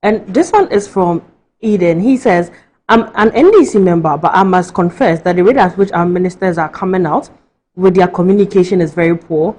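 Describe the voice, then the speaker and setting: Low-voiced woman reading texts on air. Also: moderate pace, a little mellow. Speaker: co-host reading viewer messages. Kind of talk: reading viewer text messages on air. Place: TV studio.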